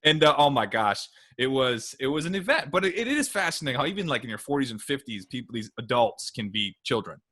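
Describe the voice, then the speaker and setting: A man from Michigan co-hosting a podcast, telling stories in a casual, animated way with quick asides. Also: mid-range voice. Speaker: podcast co-host.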